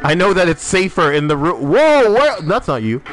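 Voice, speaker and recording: A man streaming a game, chatting loosely with teammates and viewers, loud and swearing constantly. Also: high-pitched, moderate pace, soft background music. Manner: animated, talking to teammates and chat. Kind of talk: casual live-stream chat while gaming.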